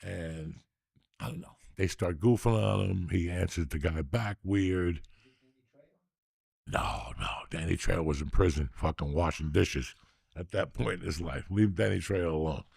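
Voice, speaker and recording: A man hosting a podcast, telling stories in a loose, profane, excitable way. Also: low voice, unhurried, gravelly, husky, no echo, studio quality. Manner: profane, excitable, animated storyteller. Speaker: podcast host. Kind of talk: casual storytelling chat.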